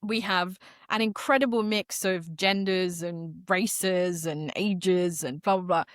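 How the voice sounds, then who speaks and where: A woman's voice: fairly low pitch, fairly even intonation, slow pace, no room sound, studio quality. A young English woman co-hosting a podcast, chatting in an emphatic, slangy way. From England. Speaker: podcast co-host. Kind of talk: casual chat.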